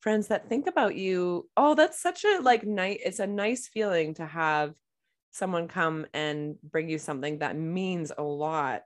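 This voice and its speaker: A woman, co-hosting a casual chat podcast, talkative and quick to laugh. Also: fairly low pitch. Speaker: podcast co-host.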